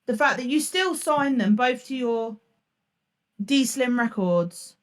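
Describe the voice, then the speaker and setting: A woman's voice: on the high side, expressive, slow, recorded from a distance. A woman streamer ranting furiously on a live reaction stream, swearing and throwing accusations.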